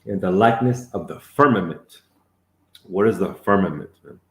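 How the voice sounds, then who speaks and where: Deep-voiced fiery preaching man, echoey. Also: lively intonation, moderate pace. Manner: emphatic, calls out prompts, tags lines with "man". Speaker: lead teacher of the class. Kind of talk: fiery street-preaching sermon. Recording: echoey room.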